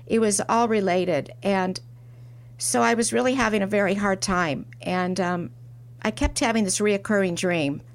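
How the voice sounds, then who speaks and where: A middle-aged woman being interviewed, telling her story in a reflective way and restarting her sentences softly. She is a porcelain artist guesting on a talk show. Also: mid-range voice, moderate pace. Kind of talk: interview conversation.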